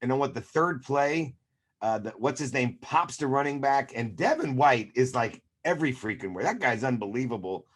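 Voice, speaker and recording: A man co-hosting a sports podcast, telling game moments in an animated way and acting out reactions. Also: medium pitch, normal speed. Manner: animated storyteller who acts out reactions. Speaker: podcast co-host. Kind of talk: casual sports chat.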